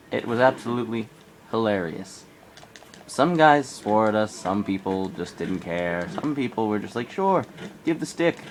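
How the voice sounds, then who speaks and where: A teenage guy with a slight cold rambles through a camping story in a lowish voice. His quoted bits jump up with energy, and a faint ambient hiss sits under a low-quality recording. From Arizona, US. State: coming down with a cold. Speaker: vlogger. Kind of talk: casual storytelling.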